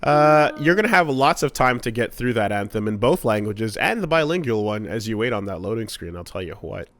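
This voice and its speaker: A man's voice: lowish voice, sing-song, fairly quick, a bit bright. A man co-hosting a podcast, chatting casually with dry, teasing humor in a laid-back way. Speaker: podcast co-host.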